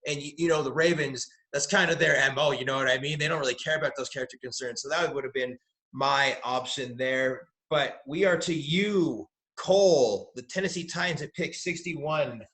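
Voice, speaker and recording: A young man co-hosting a casual sports talk show, giving animated, opinionated football draft analysis. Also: mid-range voice, moderate pace. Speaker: podcast co-host, mock draft participant.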